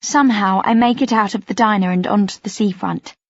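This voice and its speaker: A woman reading a first-person audiobook aloud with expressive, tense storytelling. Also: mid-range voice, fairly quick, no echo, lo-fi sound. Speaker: audiobook narrator.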